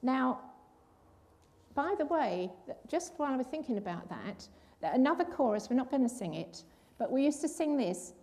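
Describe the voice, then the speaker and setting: High-voiced older woman telling a testimony. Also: big pitch swings, normal speed, darkish tone. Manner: earnest storytelling, acts out quoted voices. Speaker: church speaker giving a testimony. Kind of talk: personal testimony.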